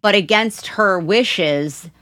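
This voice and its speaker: A woman hosting an interview, asking her guest questions in an expressive, empathetic way. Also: medium pitch, slow. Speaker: interview host.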